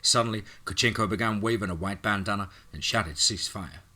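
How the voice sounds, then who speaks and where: A man's voice: on the low side, fairly quick, sharp tone. A man narrating a scripted action horror story in a dramatic reading.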